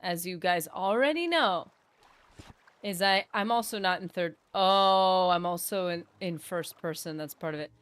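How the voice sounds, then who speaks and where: Chatty woman streamer with a low-set voice. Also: measured pace, fairly bright tone, smooth, no echo. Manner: chatty, rambling, self-deprecating, trails off and restarts. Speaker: game streamer. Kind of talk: casual livestream chat while gaming.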